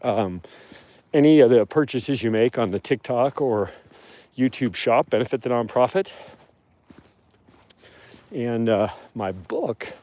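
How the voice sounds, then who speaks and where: A man of medium pitch rambles cheerfully through a casual livestream, laughing easily between asides. He is outdoors beside wolf enclosures, talking into a handheld phone. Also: lively intonation, measured pace, long pauses, warm tone. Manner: rambling and chatty, with easy laughter. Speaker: wolf sanctuary host.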